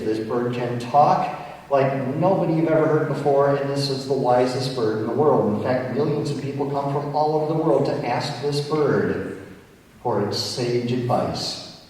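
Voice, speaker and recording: A man working as a stage hypnotist, giving playful, commanding suggestions and slowing into soothing instructions. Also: mid-range voice, a little mellow. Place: large hall stage. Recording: distant echoey hall recording.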